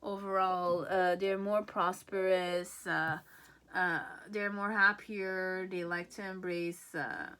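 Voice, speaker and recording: Here a tarot reader's voice sits on the low side, slow and fairly even in intonation, a bit bright and clean in tone. She rambles chattily through a casual pick-a-card reading, regularly checking in with "okay?" and "you know."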